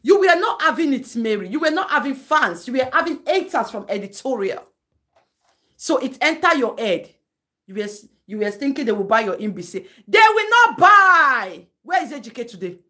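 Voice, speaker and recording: Scolding Nigerian woman, lively commentary. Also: fairly high pitch, normal speed. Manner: scolding, lecturing, breaks into laughter. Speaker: live-stream commentator. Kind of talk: gossip commentary.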